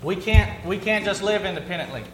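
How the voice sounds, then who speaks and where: A man's voice: high voice, fairly quick, reverberant, slight background noise, rough recording. A man preaching a sermon in a conversational way, asking the congregation questions and answering back. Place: church sanctuary.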